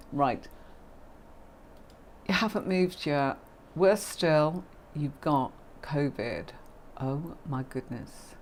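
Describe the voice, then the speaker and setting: With an extremely low-pitched, slightly mellow voice, a middle-aged woman hosts a livestream where she reads and teaches tarot. Her manner is affectionate and talkative, full of "darling" and "my lovely," and there's slight background noise.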